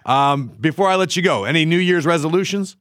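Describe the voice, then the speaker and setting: A man's voice: fairly high pitch, fairly quick, a bit bright, clear, resonant tone, dry recording, studio quality. A man hosting a podcast and chatting casually with his guest. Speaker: podcast host. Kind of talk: casual interview chat.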